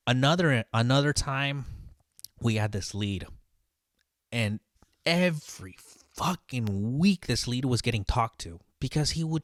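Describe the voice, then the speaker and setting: A man's voice: mid-range voice, no echo, studio quality. Profane venting line cook man. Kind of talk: casual storytelling vlog.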